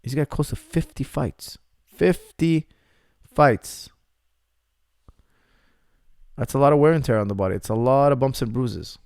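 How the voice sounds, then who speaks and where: A man's voice: mid-range voice, unhurried, vocal fry, pauses often, a little mellow, no echo. Dry-sounding man coaching through live Q&A. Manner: conversational, repeats points for emphasis. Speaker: MMA coach answering viewer questions. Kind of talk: casual live Q&A chat.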